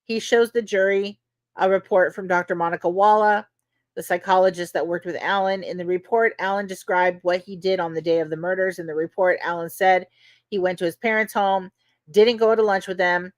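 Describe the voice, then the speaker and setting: A woman's voice: fairly low pitch, steady tone, a little fast, dry recording. Chatty woman recapping trial testimony. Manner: conversational, many fillers like "you know". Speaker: podcast host.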